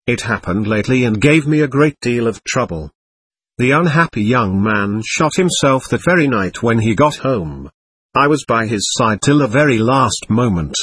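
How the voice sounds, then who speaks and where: A man reading the part of a suave, mocking male devil who talks like a worldly gentleman, with an ironic, chatty manner. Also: mid-range voice, expressive, normal speed, husky, no echo. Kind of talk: audiobook character reading.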